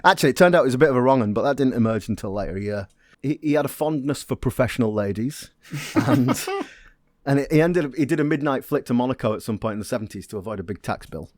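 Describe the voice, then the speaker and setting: A man's voice: mid-range voice, lively intonation, fast, darkish tone, no echo, studio quality. A man co-hosting a chat podcast, explaining from his research in a wry, casual way. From Britain. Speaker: podcast co-host.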